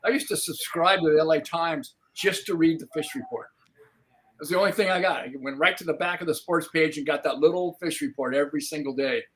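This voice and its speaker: A man's voice: a little high, brisk, a bit bright. A man hosting a casual chat, chiming in with short remarks. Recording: crowd noise behind.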